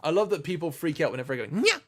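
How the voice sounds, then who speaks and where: A man's voice: a little high, animated, very fast. Giggly man chatting on stream. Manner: playful, giggly, rambling with restarts. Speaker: streamer hosting a birthday stream. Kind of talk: casual chat.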